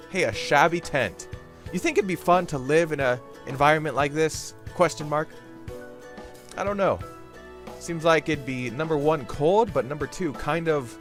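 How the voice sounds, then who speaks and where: A fairly high-pitched, fairly bright male voice runs his own game channel. As he plays, his commentary rambles, jokey and goofy, punctuated by sudden silly voices.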